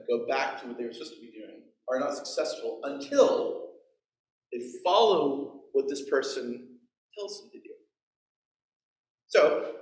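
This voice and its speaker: A man's voice: mid-range voice, roomy sound, rough recording. A man in his forties preaching a sermon, telling the story with playful asides and acted-out quotes. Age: 40s. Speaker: pastor. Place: church.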